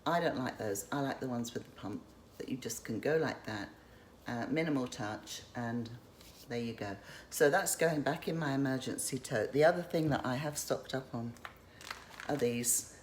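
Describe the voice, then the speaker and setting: A woman's voice: a bass voice, moderate pace, slight background noise. A woman, chatting in a rambling, casual vlog as she shows what she has stored. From England. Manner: chatty, rambling, self-interrupting. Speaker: vlogger. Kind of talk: casual show-and-tell vlog.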